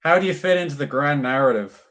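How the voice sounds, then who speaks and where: A man's voice: fairly high pitch, animated, quick pace, fairly bright tone. A young man casually chatting with his viewers on a livestream, swearing freely and musing aloud while he carves.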